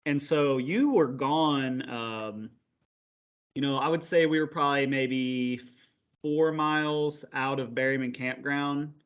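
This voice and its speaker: A man co-hosting a podcast, recounting at length in a rambling, relaxed way. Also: mid-range voice, takes it slowly, clean tone, dull audio. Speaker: podcast co-host. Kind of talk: casual chat.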